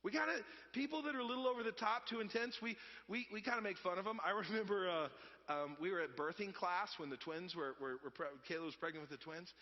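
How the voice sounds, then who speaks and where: A high-pitched man in his thirties preaches in a loose, chatty storytelling manner, swinging from loud to hushed. His voice carries a long hall reverb, and the recording sounds muffled. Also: quick pace. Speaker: pastor. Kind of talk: sermon. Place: church sanctuary.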